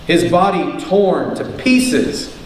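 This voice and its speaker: A man with a high voice preaches to a congregation, driving his points home by repeating them and asking rhetorical questions. He sounds distant from the microphone in a very echoey church, with a faint hiss behind him. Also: very animated, slow pace. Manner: emphatic, repeats key lines, asks rhetorical questions. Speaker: preacher and teacher. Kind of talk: sermon. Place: church sanctuary. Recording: echoey room, far from the mic, faint noise.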